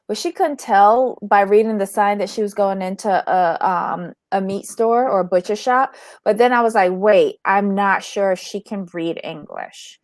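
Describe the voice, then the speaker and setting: A woman's voice: medium pitch, no echo. A woman in casual podcast commentary, blunt and opinionated, with a mid-range voice. The sound is dry and close, with no room around it. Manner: frank, opinionated, laughs easily. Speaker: podcast co-host.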